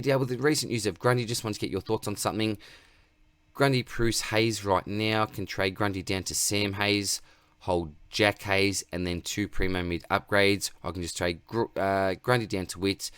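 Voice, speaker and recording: Laid-back Australian host, low-pitched man, dry close sound, chatty Q&A delivery. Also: fairly even intonation, normal speed, a bit bright, clean tone, no room sound. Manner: laid-back, reads chat aloud, says mate constantly. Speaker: host answering viewer questions. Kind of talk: casual livestream Q&A.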